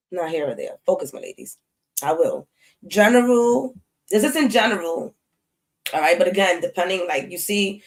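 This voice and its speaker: A woman's voice: fairly low pitch, low-quality recording. A woman hosting an astrology live stream, chatting casually and animatedly with slang, speaking straight to her viewers' comments.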